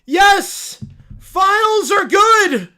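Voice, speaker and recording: A man voicing an excitable little male bear with shrill, wildly enthusiastic proclamations. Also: extremely slow, heavily acted. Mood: excited.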